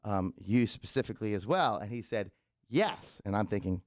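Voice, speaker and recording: A man co-hosting a morning radio show, telling a story in an animated way and acting out the people in it. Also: fairly low pitch, a little fast, dry recording, studio quality.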